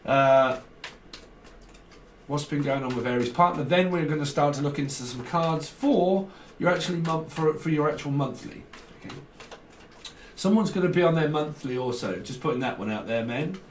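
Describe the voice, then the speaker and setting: A man with a fairly high voice, speaking at normal speed, rambles and jokes through a casual tarot reading, chuckling between thoughts. The recording has a roomy echo, faint noise, and a distant mic.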